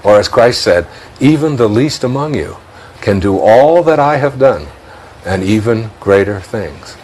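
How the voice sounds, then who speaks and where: A man's voice: on the low side, animated, unhurried, a little mellow, a little hiss or hum, rough recording. A man with a Detroit accent, speaking as a guest in a reflective spiritual interview, musing aloud, chuckling often and repeating words as he thinks.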